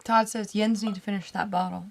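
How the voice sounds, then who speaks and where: A woman's voice: medium pitch, steady tone, a little fast, vocal fry. A woman co-hosting a whiskey livestream, teasing and upbeat, reading out viewer comments. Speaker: co-host of a whiskey tasting livestream.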